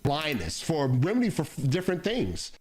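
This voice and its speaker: A man preaching in a played clip, explaining calmly and measuredly with some fillers. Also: a little high, moderate pace. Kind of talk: calm sermon explanation.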